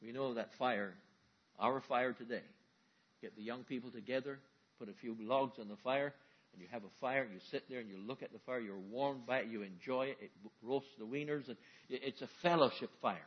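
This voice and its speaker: A man's voice: medium pitch, fairly quick, breathy edge, lo-fi sound. A male pastor giving a sermon in a folksy, conversational way, full of everyday examples.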